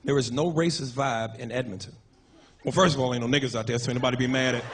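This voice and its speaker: A man doing a stand-up comedy set, brash and profane, telling animated stories on a club stage. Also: mid-range voice, fast. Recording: live club with loud crowd and noise.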